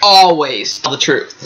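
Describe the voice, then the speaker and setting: A young woman presenting a playful comedy sketch in an animated, jokey way. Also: low voice, low-quality recording.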